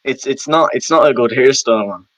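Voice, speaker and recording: A man's voice: mid-range voice, a little fast. A young man with a Dublin Irish accent in casual podcast chat, stubborn and opinionated, often restarting his sentences. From Dublin, Ireland.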